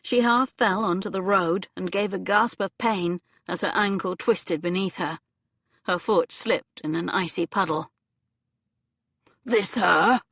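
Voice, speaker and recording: A woman reading an audiobook novel in measured, dramatic storytelling narration on a close studio mic. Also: on the low side, steady tone, a bit bright, no echo.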